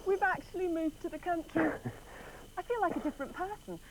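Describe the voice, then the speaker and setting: A woman's voice: extremely high pitch, a little fast, noisy background. An actress playing an eager woman who has just moved to the country, in a scripted language-course drama. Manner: eager, gushing, persuasive. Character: enthusiastic young woman newly moved to the country.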